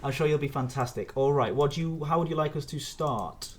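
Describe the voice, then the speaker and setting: A man's voice: a little high, fairly quick, a crowd in the background. Upbeat male livestream host. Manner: energetic, upbeat. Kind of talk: livestream hosting.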